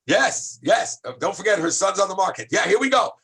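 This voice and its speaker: A man, a rabbi, teaching a high school class in an animated, exclamatory way, calling on students by name and shouting at times for emphasis. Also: racing, husky. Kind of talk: lively classroom lesson.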